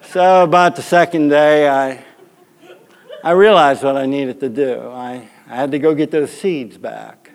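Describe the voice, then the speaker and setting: A man's voice: on the high side, slow pace, long pauses. A male pastor telling a rambling, funny anecdote in a sermon, often laughing. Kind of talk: storytelling sermon.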